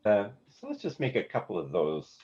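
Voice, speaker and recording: A man's voice: lowish voice, wildly swooping pitch, normal speed, music in the background. A man teaching a songwriting class, explaining note values with frequent restarts and singing rhythms out on nonsense syllables. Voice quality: hesitant, restarts words, sings rhythms on "da". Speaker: songwriting instructor. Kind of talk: classroom lesson with live demonstration. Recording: slightly dull, lo-fi class recording. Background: faint instrument playback.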